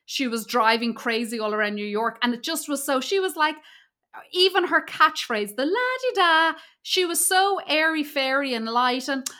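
Bright, enthusiastic woman podcast co-host. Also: sits high, moderate pace. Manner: enthusiastic, slips into airy mimicking voices. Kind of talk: casual film discussion.

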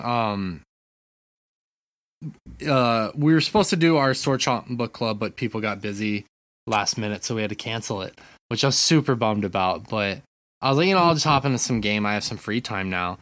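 A man co-hosting a casual gaming podcast from his apartment, telling stories with lively swearing and restarts. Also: on the low side, no room sound. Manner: animated storytelling, frequent swearing. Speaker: podcast co-host. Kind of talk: casual chat.

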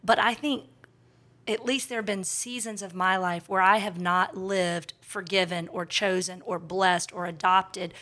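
A woman's voice: fairly low pitch, steady tone, bright, forceful tone. A woman co-hosting a casual faith podcast, talking in an earnest, reflective way. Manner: earnest, reflective, quick bursts of laughter. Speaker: podcast co-host.

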